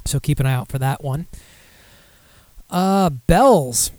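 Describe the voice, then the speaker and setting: A man's voice: fairly high pitch, slow, a little mellow, no echo. A young man hosting a casual podcast, rambling and self-deprecating with lots of fillers while running through beer news. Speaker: podcast host.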